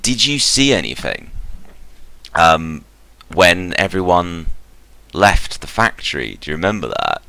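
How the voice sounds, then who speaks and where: A man playing an eager factory foreman who talks in a hurried, hesitant way with fillers. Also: sits low, big pitch swings, creaky, sharp tone, no room sound, full character voice. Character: eager male factory foreman, proud of his machine.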